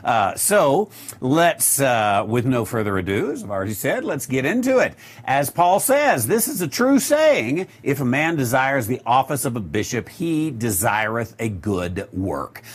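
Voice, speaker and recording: A male Bible teacher works through scripture verse by verse at an unhurried pace. His voice moves up and down a lot, and he stops often to reach for the next word. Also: mid-range voice, big pitch swings, breathy edge. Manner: unhurried, with many filler pauses; reads scripture aloud and explains it.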